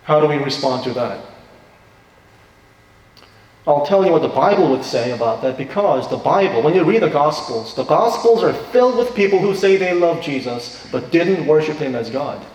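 A man's voice: on the high side, expressive, moderate pace, a little mellow, recorded from a distance. Man preaching in an echoey hall. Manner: emphatic, repeats key questions. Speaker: pastor. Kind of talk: sermon. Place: church sanctuary.

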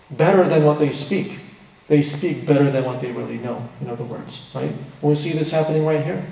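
A man's voice: a little high, warm tone. A man preaching a sermon, explaining a scripture story in an earnest way and asking his listeners rhetorical questions. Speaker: pastor. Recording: echoey hall from far off.

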